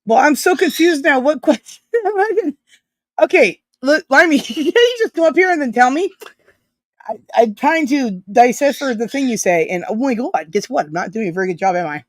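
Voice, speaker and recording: Giggly, foul-mouthed woman streamer, very animated. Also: sits high, brisk, no room sound. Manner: profane, giggly, rambling. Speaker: live streamer reading chat. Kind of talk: casual live-stream chat.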